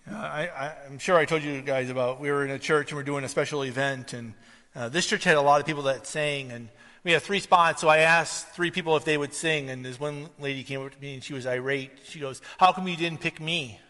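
A man preaching a sermon, telling stories and mimicking the voices in them with lively energy. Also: on the high side, brisk. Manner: animated storytelling, mimics voices in anecdotes. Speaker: pastor. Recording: long reverb of a hall.

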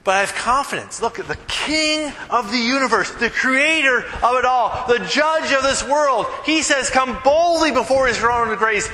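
Man, pastor, conversational sermon, bright forceful voice, faint hum behind. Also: extremely high pitch, moderate pace, hardly any pauses, in a large hall, low-quality recording. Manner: conversational, animated, joking asides.

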